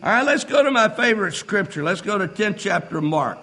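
A man with a strikingly high, bright voice preaches. He reads scripture and then rises into shouting fervor. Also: expressive, brisk, low-quality recording. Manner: reads King James scripture aloud. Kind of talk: sermon.

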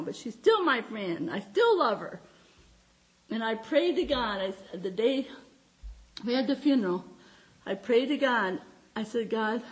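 A middle-aged woman preaching to her congregation with a high voice. She tells her stories warmly and with feeling, her voice lifting and sinking, and she often breaks into laughter. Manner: heartfelt, animated storytelling with frequent laughs. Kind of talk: sermon with personal stories.

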